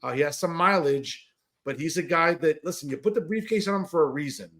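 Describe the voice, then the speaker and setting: A slightly high, somewhat bright male voice moves fairly quickly as he co-hosts a wrestling podcast. His rundown of the card is casual and rambling, peppered with "uh" and "you know."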